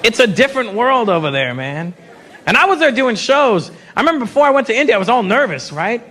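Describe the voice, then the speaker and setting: A man from Canada doing stand-up comedy, telling animated stories and slipping into quoted voices. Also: very high voice, quick pace. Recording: live show with loud crowd noise. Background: laughing crowd.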